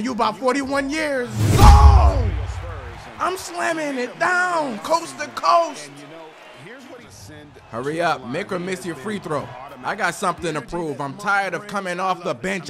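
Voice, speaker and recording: A young man giving loud gameplay commentary, hyped and ranting, trash-talking the opponent as he plays. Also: high-pitched, gravelly. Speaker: gaming YouTuber. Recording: game music playing behind.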